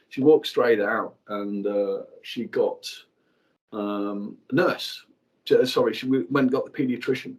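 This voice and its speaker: A man in his forties telling a personal story to an audience, frank and halting, with many fillers and restarts. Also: mid-range voice, darkish tone. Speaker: guest speaker.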